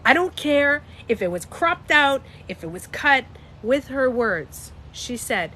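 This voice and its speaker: A woman's voice: high voice, sing-song, takes it slowly, few pauses, bright, forceful tone, a little hiss or hum. A young woman hosting a casual livestream, talking emphatically and answering chat comments. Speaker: livestream host.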